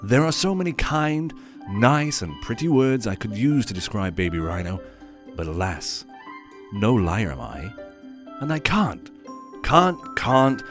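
A man narrates a fable with a lively, swooping delivery and quaint, inverted phrasing. His voice rises and falls dramatically over faint background music. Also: fairly low pitch, a little slow. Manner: theatrical, old-fashioned inverted phrasing. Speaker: storyteller. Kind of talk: scripted story narration.

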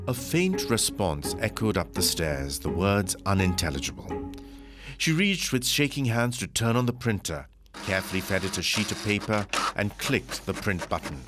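Expressive male story narrator. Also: deep voice, normal speed, over music.

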